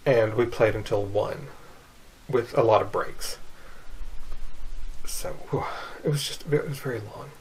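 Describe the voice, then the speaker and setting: A man's voice: fairly low pitch, a little slow, long pauses, darkish tone, husky. A man casually recounting a long board game night in a weary, chatty way. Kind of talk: casual recap to camera.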